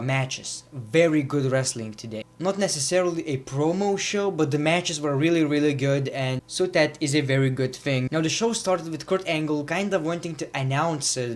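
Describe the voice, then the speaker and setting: A man hosting a casual video review of a wrestling show, chatty and opinionated, with sarcastic asides. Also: medium pitch.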